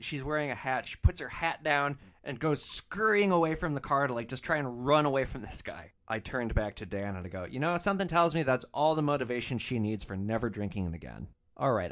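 A young man hosting a podcast, telling rideshare stories casually and acting out quoted passengers. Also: medium pitch. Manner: animated, acts out quoted passengers. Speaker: podcast host. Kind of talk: casual storytelling.

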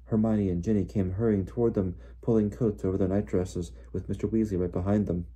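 A man reading a novel aloud in steady storybook narration. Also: fairly low pitch, fairly quick, slightly rough. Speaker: audiobook reader.

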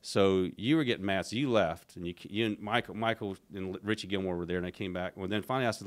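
Low-voiced middle-aged man telling stories. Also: fast, hardly any pauses. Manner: rambling, frequent restarts, acts out quotes. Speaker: podcast guest. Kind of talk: casual storytelling interview.

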